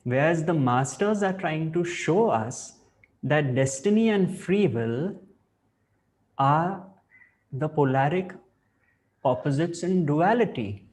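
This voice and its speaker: Spiritual teacher guy, talks real slow and thoughtful, tells parables. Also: a little high, expressive, a little mellow. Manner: slow, deliberate, reflective. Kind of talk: spiritual talk with storytelling.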